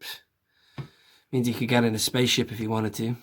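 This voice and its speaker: A man's voice: medium pitch, little pitch movement, fairly quick. Rambling man reviewing collectibles. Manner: chatty, rambling, many restarts and asides. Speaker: toy collector host. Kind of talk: casual toy review vlog.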